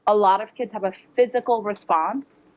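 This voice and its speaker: A woman's voice: medium pitch, moderate pace, low-quality recording. A middle-aged woman educator giving a conference talk to parents, plain and direct in a chatty way. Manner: direct, conversational, uses fillers like "like". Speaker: educator presenter. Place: conference hall.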